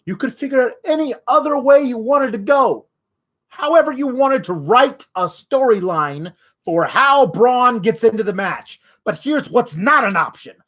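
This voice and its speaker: A man's voice: very high-pitched, lively intonation, unhurried, fairly bright tone. A man hosting a wrestling podcast, delivering an exasperated rant full of swearing. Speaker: wrestling news podcast host.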